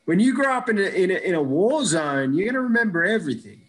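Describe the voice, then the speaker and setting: A man from Iraq, a guest in an interview, telling stories in a lively, casual way and often checking in with "right?". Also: high voice, fast talker. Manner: animated storyteller who tags lines with "right?". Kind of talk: casual storytelling chat.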